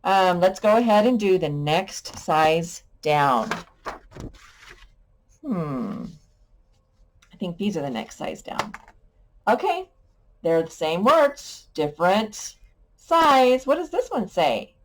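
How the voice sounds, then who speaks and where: Slow, patient woman teaching sight words. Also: lowish voice, very animated, slight background noise. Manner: slow, patient, playful with sound effects. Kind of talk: sight word lesson for young children.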